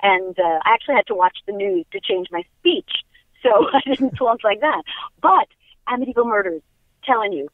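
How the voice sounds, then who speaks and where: A woman's voice: medium pitch, big pitch swings, fairly quick, dry recording. A middle-aged woman from Long Island, chatting upbeat and laughing often as a guest in a phone interview. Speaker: guest actress. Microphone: telephone. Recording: tinny phone line.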